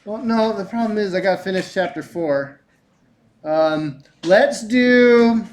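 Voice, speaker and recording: Middle-aged male teacher, high voice, lively classroom lecture, echoey room. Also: unhurried. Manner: animated, chatty, asks rhetorical questions.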